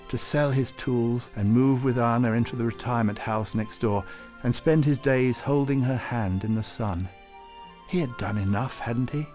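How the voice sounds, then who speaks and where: A man reading a story aloud as narrator in a gentle, expressive way. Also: medium pitch.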